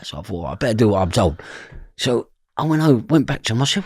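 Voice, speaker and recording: A man's voice: mid-range voice, animated, racing, creaky, hardly any pauses, husky, no room sound, studio quality. A man with an East London accent, a podcast guest telling stories about his past and acting out the voices of other people. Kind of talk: storytelling interview.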